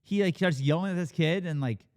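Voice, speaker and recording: Reviewing a film on a podcast, a man briskly recounts the plot in loose, casual chat, acting out characters' lines with big jumps up in pitch. He swears often and keeps saying "like" and "you know." The sound is close and dry, with no room echo.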